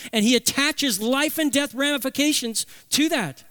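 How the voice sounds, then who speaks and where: High-voiced man preaching a sermon. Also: pushed and bright, no echo. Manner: emphatic preaching, slows down for key phrases. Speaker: pastor.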